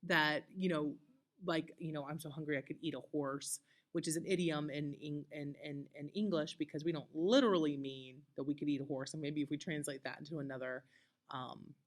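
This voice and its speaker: A woman's voice: sits low, fairly even intonation, brisk. A woman teaching a recorded lesson, talking conversationally with many fillers and checking in with "okay?" often. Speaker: Latin teacher. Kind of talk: recorded lecture.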